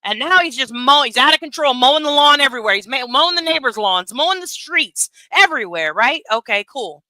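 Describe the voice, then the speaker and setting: A woman's voice: high voice, expressive, a little fast, pushed and bright, dry recording, clean studio sound. A woman giving heated, profane livestream commentary, rambling with many asides and tags like "right?". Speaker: commentary streamer.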